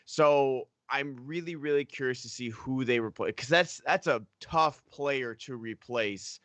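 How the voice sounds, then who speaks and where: Young guy rambling on a live panel, bright voice, dry close sound. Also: medium pitch, unhurried, dry recording. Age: young adult. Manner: rambling with many fillers. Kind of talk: casual chat.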